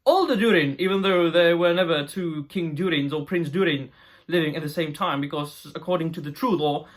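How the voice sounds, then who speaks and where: A man's voice: on the high side, fairly even intonation, fairly quick. A man reviewing a fantasy show in an exasperated, sarcastic rant, swearing now and then. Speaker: YouTube reviewer.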